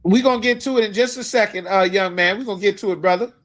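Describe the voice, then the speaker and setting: In this scripture lecture, a male teacher with a high, fairly bright voice reads verses at a slow pace before unpacking them in plain, everyday terms. He speaks emphatically and keeps asking the class if they follow.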